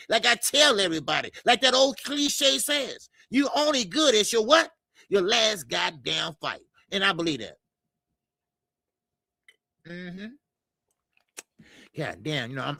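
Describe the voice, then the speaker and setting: Gravelly, high-voiced man hosting a boxing stream. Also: very animated, normal speed, long pauses, sharp tone, no room sound. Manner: loose and profane, lots of filler stammers. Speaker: boxing show host. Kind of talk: casual live-stream chat reading comments.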